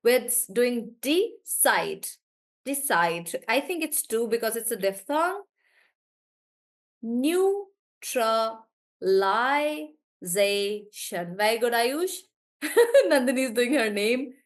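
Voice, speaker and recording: Slow, careful South Indian woman teacher. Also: a little high, sing-song. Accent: South Indian English. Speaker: online English pronunciation teacher. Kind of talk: live online class, breaking words into syllables.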